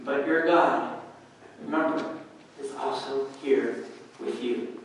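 A man preaching a sermon as pastor, in a measured way with long pauses, heard from a distance in a church. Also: mid-range voice, heavy reverb, a little hiss or hum.

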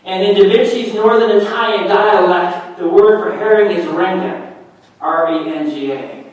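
A male pastor preaching a sermon, slow and emphatic, often dropping to a hush. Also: sits high. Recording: very echoey room, heard from a distance.

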